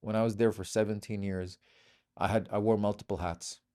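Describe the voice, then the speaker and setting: A man's voice: fairly low pitch, flat delivery, fairly quick, dark tone. A middle-aged man from Bahrain, a comedian guest telling stories in casual chat and acting out the voices of people he quotes.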